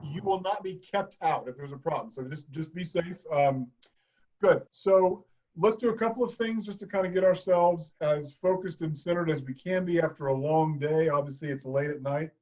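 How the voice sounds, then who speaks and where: A man leading a choir through vocal warm-ups, coaching in a calm, encouraging way. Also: fairly high pitch, moderate pace, dull audio. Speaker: choir director.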